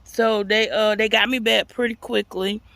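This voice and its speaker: A woman vlogger telling a personal story in a casual, animated way, talking straight to her viewers. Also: medium pitch, moderate pace, vocal fry, dry recording.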